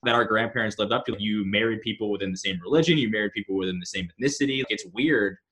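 A wry man chatting casually as co-host, reasoning things out aloud. He talks very quickly in a bright, forward voice that sits a little low. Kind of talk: casual chat.

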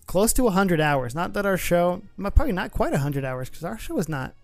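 A man co-hosting a casual podcast, chatty and quick to laugh, with frequent restarts. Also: sits high, very animated, no room sound, faint music behind. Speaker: podcast co-host. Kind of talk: casual chat.

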